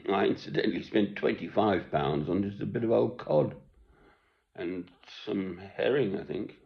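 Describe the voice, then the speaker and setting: A man's voice: lowish voice, measured pace, creaky. An older man giving a rambling, chuckling monologue from home, self-deprecating and meandering. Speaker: online commentator. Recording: dull lo-fi recording.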